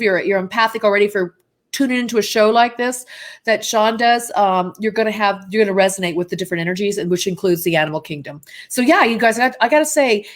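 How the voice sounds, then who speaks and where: A woman speaking as a psychic medium guest in a casual live interview, talking straight to the viewers and drifting off onto tangents. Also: on the high side.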